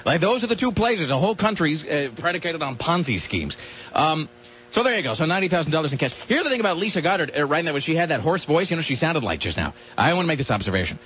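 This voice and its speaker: A man hosts a talk radio show, joking and riffing with his co-hosts. His delivery is lively and swings widely in pitch. The audio is dull and lo-fi, with a faint hum behind him. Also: fast talker. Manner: joking, laughing, wry asides. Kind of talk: casual talk radio banter.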